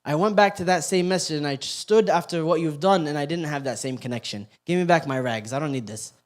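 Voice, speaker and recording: Brief: meek devout worshiper, quiet and pleading, voiced by a male preacher. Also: a little high, a little fast, close to an everyday voice.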